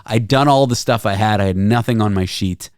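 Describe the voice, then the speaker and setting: A man hosting a podcast, telling stories in an animated, self-deprecating way. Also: on the low side, fairly quick, clear, resonant tone, no room sound, studio quality. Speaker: podcast host. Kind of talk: casual chat.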